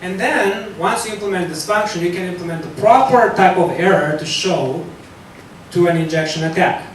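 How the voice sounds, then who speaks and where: A man presents a technical talk to a live audience, high-pitched for a man, and he often corrects himself as he goes. He sits far from the mic, so the sound is thin and roomy, with a strong echo and a faint rumble underneath. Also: moderate pace. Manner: loose, conversational, with fillers and self-corrections.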